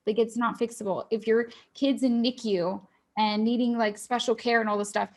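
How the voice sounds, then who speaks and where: A woman's voice: a little high, fairly even intonation, normal speed, darkish tone. A young woman co-host reflecting earnestly in a casual discussion, thinking aloud as she talks.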